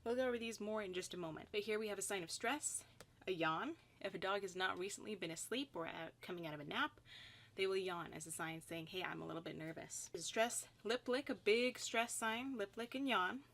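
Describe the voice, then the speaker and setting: Woman, dog trainer, instructional voice-over, calm explaining, average pitch. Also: brisk. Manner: explains calmly, voicing the dog's thoughts in quotes.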